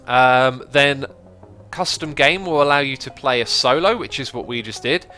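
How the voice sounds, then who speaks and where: A man hosting a gaming livestream in a casual, chatty way, reading viewer messages aloud and thinking out loud as he explains. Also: medium pitch, moderate pace, soft background music. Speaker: livestream host.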